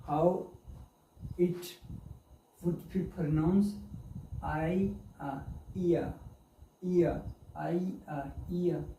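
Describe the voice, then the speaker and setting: A male pronunciation teacher talks very slowly and repeats each sound and word in turn like a drill. His voice is dark and mellow with a slightly raised pitch. He is recorded far from the mic in an echoey room with a faint hiss behind him. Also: fairly even intonation, gravelly. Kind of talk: pronunciation lesson.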